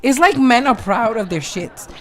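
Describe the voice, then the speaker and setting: A woman's voice: a little high, lively intonation, moderate pace. A woman in casual live stream chat, talking candidly and swearing freely, laughing at herself.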